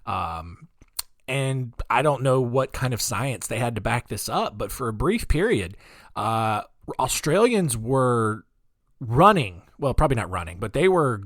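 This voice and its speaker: A podcast host with a deep, groggy morning voice tells odd history stories with sarcastic asides. His delivery is loose and rambling, full of "uh" and "um," and it sounds dry and close to the mic. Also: no room sound. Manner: rambling, jokey asides, frequent fillers. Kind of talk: casual comedic storytelling.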